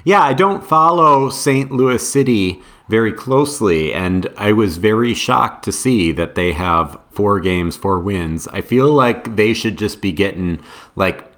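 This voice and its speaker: A man's voice: fairly low pitch, expressive, measured pace, a bit bright. An American man co-hosting a casual sports podcast, talking in a hesitant, thinking-aloud way. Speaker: podcast co-host.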